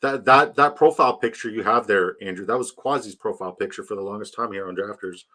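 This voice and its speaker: A man's voice: fairly low pitch, fast talker, pushed and bright. A young man chatting casually on a fantasy football stream, rambling and joking, swearing freely. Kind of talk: casual live-stream chat.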